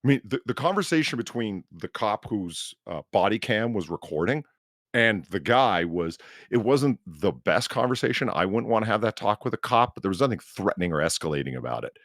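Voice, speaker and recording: A man co-hosting a live-stream podcast, ranting in an animated, profane way. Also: lowish voice, fairly quick, no echo, clean studio sound. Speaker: podcast co-host. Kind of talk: casual live-stream chat.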